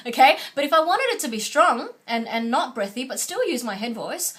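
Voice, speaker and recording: A woman's voice: high voice, very animated, brisk, few pauses, a bit bright, faint music behind. A woman vocal coach teaching a singing lesson, patient and instructive, often checking in with "okay?".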